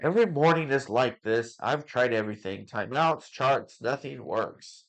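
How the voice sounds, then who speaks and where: A flustered, worn-out millennial dad, exasperated and close to his limit, as a man puts him on while telling a story. His pitch stays at an everyday middle level. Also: expressive, moderate pace, gravelly.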